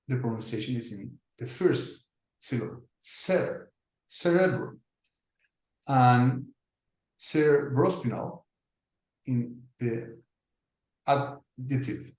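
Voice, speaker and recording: A man lectures through his slides in a slow, measured way, stopping often with small fillers as he explains. His voice sits in a middle range and carries a noticeable room echo. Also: mid-range voice, darkish tone. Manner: deliberate, with frequent pauses and fillers. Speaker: English teacher. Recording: echoey room.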